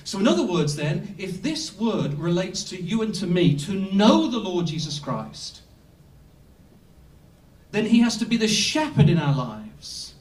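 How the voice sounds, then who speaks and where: Male preacher, emphatic sermon delivery with long pauses, slightly raised pitch, roomy distant sound. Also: sing-song. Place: Bible school hall. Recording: echoey room, speaker off-mic.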